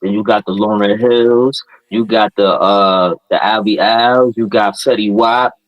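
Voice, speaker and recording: A man's voice: on the low side, fairly even intonation, a little slow, no room sound, highs cut off. A man from New Jersey with a Jersey accent, a guest rapper in a casual podcast interview, talking with confident hype and slang. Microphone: video call.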